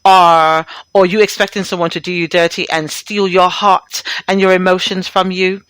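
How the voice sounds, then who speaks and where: A woman's voice: fairly low pitch, level tone, moderate pace, a bit bright, clean tone, dry recording. A middle-aged woman hosting a talk radio show, chatting bluntly and profanely and laughing often as she reads and riffs.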